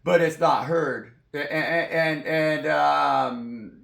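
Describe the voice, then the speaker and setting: A man's voice: on the high side, fairly even intonation, very slow, creaky, fairly bright tone. A man giving a rambling, profane spiritual monologue as a tarot reader, preachy in tone. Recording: roomy echoey sound.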